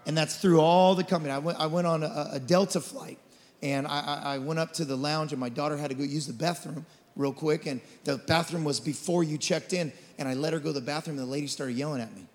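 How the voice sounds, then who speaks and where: A man in his forties preaching a sermon as lead pastor, passionate, swinging from shouted declarations to quiet storytelling. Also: fairly high pitch, steady tone, fast talker. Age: 40s. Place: church auditorium. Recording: church hall reverb.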